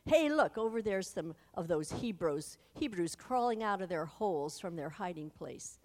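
A woman voicing jeering male enemy soldiers who shout taunts across a pass during a retold Bible story. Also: lowish voice, moderate pace, lightly acted. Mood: taunting. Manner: loud, jeering. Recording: long hall reverb.

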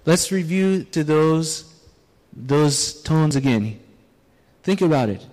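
A man's voice: on the high side, expressive, takes it slowly, a little mellow, a little hiss or hum. A man preaching a sermon, illustrating his points with demonstrations and putting questions to the audience. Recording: long reverb of a large hall.

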